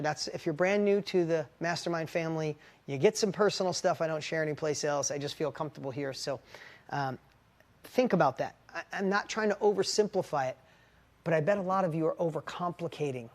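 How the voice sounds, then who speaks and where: A middle-aged man coaching a live mastermind group, casual and animated, calling on audience members by name and jumping up in pitch when a story gets exciting. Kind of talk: live motivational talk to an audience.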